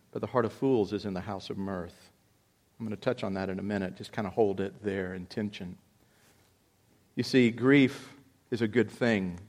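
A man preaching a sermon, dropping low and quiet for scripture and rising loud and emphatic for his points. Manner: preaching with big swings from quiet reading to loud emphatic outbursts. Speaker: pastor.

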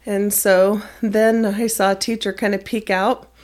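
A woman teacher calmly recounting a personal experience in an interview, measured and plain-spoken. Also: medium pitch. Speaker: middle school math teacher.

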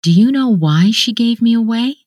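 A woman's voice: fairly high pitch, expressive, normal speed, a little mellow, dry recording, studio quality, voice pushed up. A woman reading the lines of a shaken grown son pressing his family with urgent questions.

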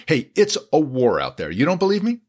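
A man's voice: fairly high pitch, huge pitch swings, brisk, a little mellow, husky. Man, lawyer giving truckers a folksy talk, jokey, repeats key points. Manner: folksy, jokey, with emphatic repetition. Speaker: lawyer advising truck drivers.

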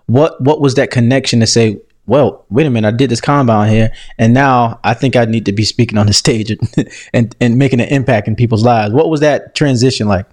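A man's voice: mid-range voice, brisk, a little mellow. A man hosting an interview, asking long, roundabout follow-up questions. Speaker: interview host. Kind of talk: conversational interview.

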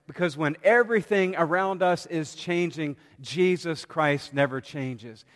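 A man preaching a sermon from the pulpit in a measured, dramatic way, with pauses between phrases. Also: fairly high pitch, fairly bright tone. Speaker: pastor. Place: church sanctuary. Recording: long hall reverb.

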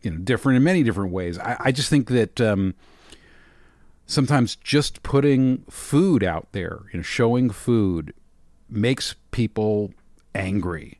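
Male podcast host, casual chat, lively pitch, rambling restarts, dry close sound. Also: a little slow, dry recording. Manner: animated, many restarts and fillers.

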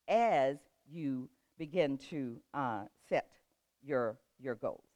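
Older lady telling a story and laughing, low voice that swoops up and down. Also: no echo. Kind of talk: casual storytelling and motivational talk.

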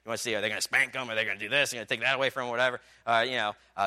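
Male pastor, bright and crisp; chatty sermon storytelling that swells into emphatic points. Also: mid-range voice, fairly even intonation, rapid-fire, hardly any pauses. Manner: conversational storytelling with many fillers, building to emphatic climaxes.

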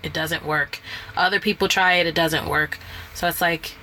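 A woman with a low, bright and forceful voice speaks candidly, acting out scenes from her home life as she talks. She tells her stories in a relaxed, conversational way. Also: moderate pace, slight background noise. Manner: candid, lively, acts out scenes with family. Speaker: guest, single mother. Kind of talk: casual conversational storytelling.

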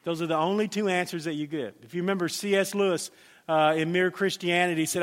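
A male pastor preaching with a high, bright-pitched voice. He speaks with animation, acting out quoted voices and sometimes stumbling through restarts. The sound carries a long reverb from a church sanctuary. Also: fairly even intonation, fast. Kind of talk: sermon.

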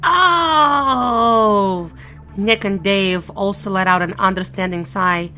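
A woman's voice: medium pitch, flat delivery, moderate pace, pushed and bright. A young woman narrating a first-person audio drama in a nervous, wry, self-mocking way. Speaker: narrator and lead character.

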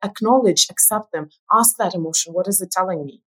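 A woman's voice: on the low side, brisk, a bit bright, husky, poor audio. A woman author and speaker, a guest on a podcast, explaining her ideas thoughtfully with some "uh" fillers. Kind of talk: interview conversation.

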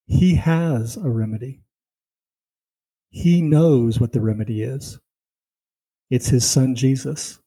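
A man's voice: medium pitch, takes it slowly, pauses often, warm tone, breathy edge, low-quality recording. A man teaching a Bible lesson in a conversational way, telling personal stories and driving his points home with "see" and "you know.".

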